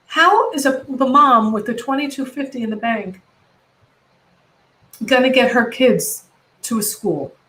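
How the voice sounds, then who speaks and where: This comedian guest, a middle-aged woman from the United States, chats casually over video, passionate and rambling, constantly revising what she says. Her fairly high, slightly bright voice moves unhurriedly with long pauses, captured in poor audio.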